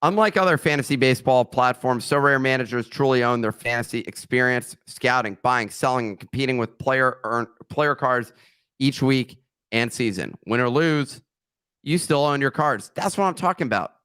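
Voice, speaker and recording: A man's voice: mid-range voice, normal speed, fairly bright tone, clear, resonant tone, dry recording. Joking, rambling podcast host man. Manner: rambling, joking asides, slips of the tongue. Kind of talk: casual podcast chat with ad read.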